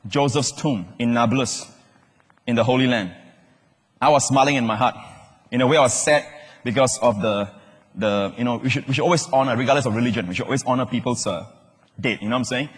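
A man preaching a sermon in a large hall, animated, questioning the congregation and shouting out key words. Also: medium pitch, fairly quick, husky. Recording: long hall reverb.

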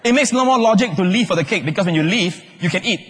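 A man with a Singaporean English accent preaching a sermon, animated and joking, often acting out other people's voices. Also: sits high, fast talker, breathy edge. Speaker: pastor. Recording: echoey hall with long reverb.

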